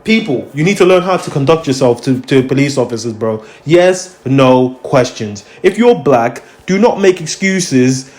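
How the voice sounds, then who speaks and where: A young man with a London accent hosting a casual chat, telling stories in lively, slang-heavy street talk. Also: mid-range voice, moderate pace, few pauses. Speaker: host. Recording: echoey room.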